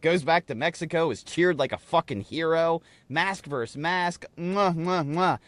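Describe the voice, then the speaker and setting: Guy co-hosting a podcast, kinda high voice, swears a lot, tells stories fast and loud, dry sound. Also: no room sound. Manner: profane, animated storyteller. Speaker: podcast co-host. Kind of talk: casual chat.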